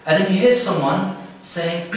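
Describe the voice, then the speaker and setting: A young man giving a religious talk at a camp, telling a story in a lively way and acting out the people in it. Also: mid-range voice, very echoey, distant mic, poor audio. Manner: animated, acts out characters in the story. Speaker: camp speaker. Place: hall at a youth camp.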